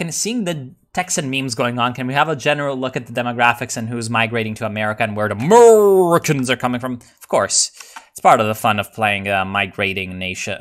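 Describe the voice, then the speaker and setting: A man streaming a strategy game and reading chat. He is excitable and profane, and he swings from mumbled asides to loud outbursts. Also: medium pitch. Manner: excitable, profane, jumps between mumbling and shouting. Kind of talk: live gameplay commentary, reading chat.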